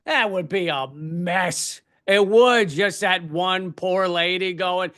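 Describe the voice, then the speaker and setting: A man comedian delivering a profane, animated stand-up rant. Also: sits high, takes it slowly, hardly any pauses. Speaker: comedian streamer.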